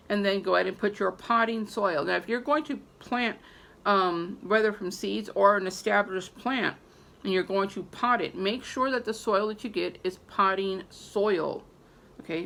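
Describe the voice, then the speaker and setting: Gravelly-voiced woman chatting about herbs. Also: medium pitch, fairly bright tone. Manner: rambling, loose, many fillers and restarts, self-deprecating asides. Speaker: herbalist teaching about herbs and spell work. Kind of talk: casual unscripted video talk to viewers.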